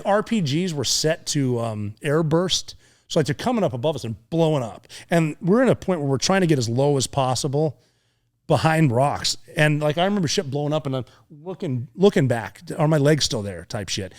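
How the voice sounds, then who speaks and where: Animated man telling a war story. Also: a little high. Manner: animated war storyteller, profane, acts out voices and sounds, laughs often. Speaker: podcast guest, former Navy SEAL. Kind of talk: casual storytelling interview.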